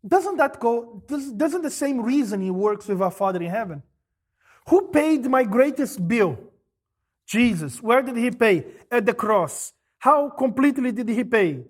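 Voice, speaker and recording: A male pastor preaching a sermon, firing off rhetorical questions and answering them, moving between loud emphasis and quiet asides. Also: extremely high pitch, animated, unhurried.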